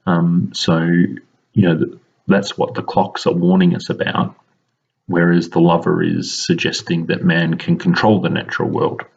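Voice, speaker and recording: A man teaching a recorded lesson, explaining slowly and carefully with frequent ums. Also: low voice, monotone, creaky, breathy edge, highs cut off.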